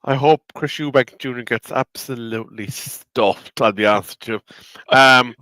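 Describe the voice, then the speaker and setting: This co-host speaks with a bright, crisp, clear voice, blunt and opinionated as he banters through a live football watchalong. The sound is dry and close, with no room echo. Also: medium pitch, normal speed. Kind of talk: casual football watchalong chat.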